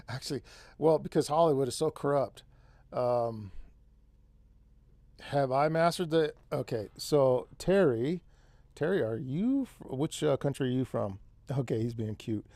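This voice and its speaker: A man's voice: mid-range voice, animated, a little slow, pauses often, warm tone, dry recording. A man with a central Californian accent hosting an off-grid live stream, chatting casually and rambling, often saying man and dude. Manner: rambling, easygoing, says man and dude a lot. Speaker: off-grid channel host.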